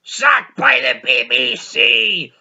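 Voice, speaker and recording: A man's voice: sits high, big pitch swings, takes it slowly, vocal fry, voice pushed up, heavily acted. A man doing a slurring drunken ex-presenter. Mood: drunken rage. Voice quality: slurred shouting ranting. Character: drunk, bitter sacked male TV presenter. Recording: dull lo-fi recording.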